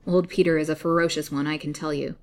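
Woman doing a vicious old jailer woman, curt, snapping, grim, low voice. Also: fairly even intonation, fast. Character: sharp-tempered, vicious old female jailer.

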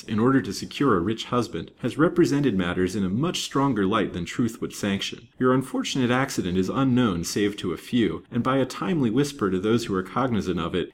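A man's voice: on the low side, slight background noise, pitched above the performer's own voice, close to an everyday voice. A man voicing a blunt, protective older banker who speaks grimly and forthrightly in a storybook reading. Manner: grim, forthright.

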